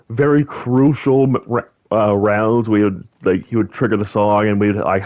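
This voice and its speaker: A young man hosting a gaming channel, chatting casually over gameplay in a rambling, animated way, full of fillers and restarts. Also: on the low side, lo-fi sound.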